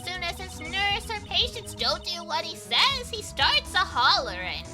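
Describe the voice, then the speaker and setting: A woman voicing a brash, excitable young Southern woman with a folksy American Southern drawl. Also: very high-pitched, measured pace, over music, voice pushed up, exaggerated voice. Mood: gossipy.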